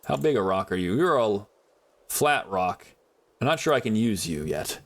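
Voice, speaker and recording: A man streams a survival game, rambling and chatting loosely with viewers and even talking to in-game items as casual commentary. English is his only language, and his voice is fairly low and a bit bright, swinging widely in pitch at a normal speed.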